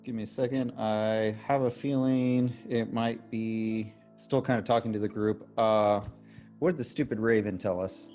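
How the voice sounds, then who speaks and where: A man playing a tabletop game, stating his character's actions in a relaxed, joking way. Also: fairly low pitch, normal speed, soft background music. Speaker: player. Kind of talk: casual tabletop game play.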